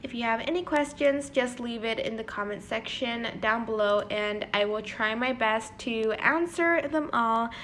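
A woman's voice: on the high side, moderate pace, hardly any pauses, a bit bright, slight background noise. A woman hosting a casual app tutorial, chatty and prone to correcting herself mid-sentence. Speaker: tutorial channel host.

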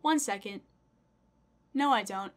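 A woman's voice: medium pitch, slow, noisy background. A young woman streamer opening fan mail, gushing and squealing with delight and close to tears as she reads letters aloud. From United States. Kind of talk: casual excited unboxing vlog.

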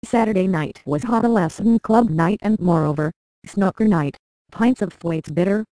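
A computer-generated woman's voice reading a memoir aloud in a flat, synthetic way with odd word stresses. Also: mid-range voice, normal speed, no echo, low-quality recording. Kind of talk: text-to-speech narration of a memoir.

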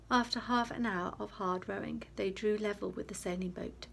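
Gravelly woman teacher reading aloud. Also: mid-range voice, normal speed, hardly any pauses, slight background noise. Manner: lively storytelling with small slips and restarts. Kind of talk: reading a chapter book aloud to a class.

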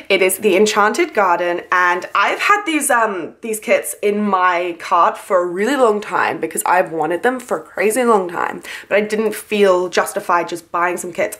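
A young woman talks casually and enthusiastically, piling up compliments about everything she shows. Her voice sits at an ordinary middle pitch. There is a sleepy, just-woke-up edge to her chat, with plenty of likes and ums. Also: fairly bright tone. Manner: gushing, enthusiastic, chatty with many likes and ums. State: sleepy, yawning. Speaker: planner sticker haul vlogger. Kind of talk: casual haul video chat.

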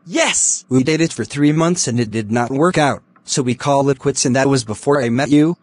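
Brief: man as an earnest boyfriend, mid-pitched, pleading and defensive. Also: brisk, darkish tone, no echo, natural voice. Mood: explaining. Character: defensive, pleading young fiancé. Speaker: voice actor in animated drama.

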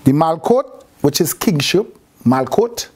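A man's voice: a little high, expressive, darkish tone, breathy edge. A man teaching a class about Hebrew letters and words, often asking the students questions and stopping to correct himself. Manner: asks questions of the class, pauses and restarts. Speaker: Bible teacher.

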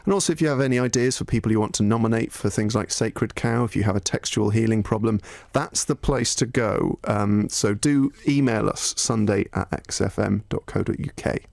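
A man's voice: lowish voice, a little fast, creaky, hardly any pauses, darkish tone, no room sound. A man with a Bristolian accent co-hosting a comedy podcast, dry and mock-formal as he reads out listener messages. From Bristol, England. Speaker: radio podcast co-host. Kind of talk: casual comedy chat.

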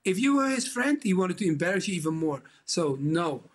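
Husky high-voiced animated pundit man. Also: a little fast. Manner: animated, laughing storyteller. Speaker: football pundit, former player. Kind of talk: panel chat.

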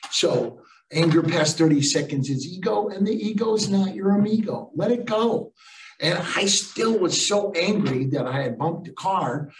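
A man's voice: sits high, measured pace, a little hiss or hum. Older man telling jokey stories. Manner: animated and jokey, with punchy one-liners. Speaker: keynote speaker. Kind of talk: comic storytelling talk. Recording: echoey room, voice far from the mic.

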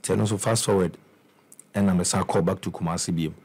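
Speaking briskly in a low-pitched, slightly mellow voice with a breathy edge and fairly even intonation, a young Ghanaian man shares his life story. The musician guest mixes Twi into his English in this casual interview, restarting and repeating words a lot.

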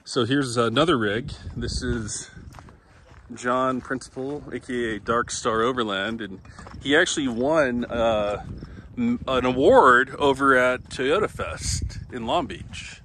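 A man's voice: medium pitch, lively intonation, sharp tone, slight background noise. A young man touring an outdoor campsite, chatting easily with other overlanders and laughing often. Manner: easygoing, quick to laugh. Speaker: vlogger touring campsite rigs. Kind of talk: casual walkaround chat. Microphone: phone camera.

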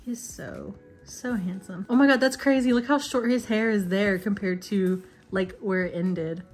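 A young woman talks her way through an unboxing in a chatty, gushing way, often overcome with excitement. Her voice sits at a middle pitch, and soft music plays faintly behind her. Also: moderate pace. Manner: gushing, emotional, chatty fan talk. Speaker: vlogger. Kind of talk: casual unboxing chat.

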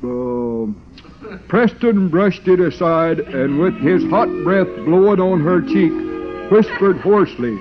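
An actor playing a dim-witted young country man with a slow drawl, in 1940s radio comedy style. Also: high voice, animated, music in the background. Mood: dopey. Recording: noisy dull old radio recording.

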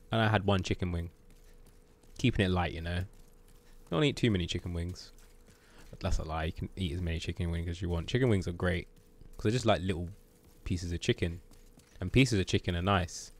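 A man giving lively commentary on his game during a live stream, full of exclamations, sound effects and swearing. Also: low voice.

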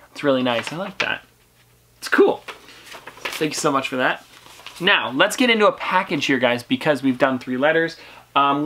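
Teen channel host with a bright, mid-pitched voice, chatty and upbeat. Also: slight background noise. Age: teenager. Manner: chatty and upbeat, reads viewer letters aloud with asides. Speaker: YouTube collector channel host. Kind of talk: casual mail-opening vlog.

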